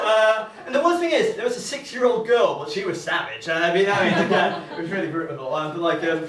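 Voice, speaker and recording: A man's voice: high-pitched, animated, fast, hardly any pauses, echoey room, far from the mic, a crowd in the background. A young man doing stand-up in front of an audience, hesitant, with lots of fillers and restarts, laughing often. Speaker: stand-up comedian. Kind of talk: stand-up comedy set. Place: comedy venue with live audience.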